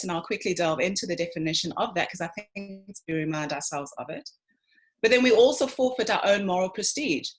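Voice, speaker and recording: Faint music plays behind a lowish, fairly quick female voice, and the audio is poor. She's a South African lecturer speaking to people online, emphatic and animated, greeting them as ladies and gents.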